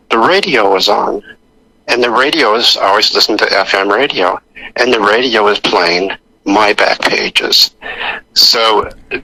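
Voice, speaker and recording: A man's voice: fairly low pitch, bright, forceful tone, no echo, poor audio. An older man telling rambling anecdotes full of fillers and restarts as a guest in a radio interview. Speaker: actor guest. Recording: radio broadcast recording.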